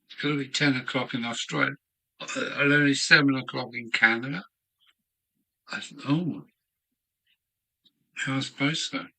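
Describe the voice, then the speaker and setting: A man's voice: medium pitch, normal speed, vocal fry, long pauses, sharp tone, low-quality recording. An older man from England, musing aloud to himself in a rambling live-stream chat from his home hobby room. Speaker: model railway streamer.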